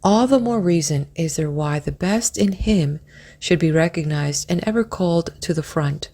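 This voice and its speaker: A woman narrates a book of spiritual wisdom in a slightly low voice. She reads with slow, reverent care, stretching her phrases and softening some lines almost to a whisper. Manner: measured, drawn-out phrasing, dropping to a whisper at times. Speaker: audiobook narrator.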